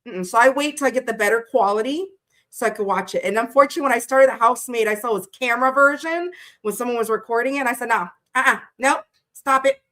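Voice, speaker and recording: A woman's voice: fairly high pitch, quick pace, a bit bright. A woman hosting a tarot livestream, greeting her chat viewers one by one in a chatty, playful way that swears freely, and she sounds tired.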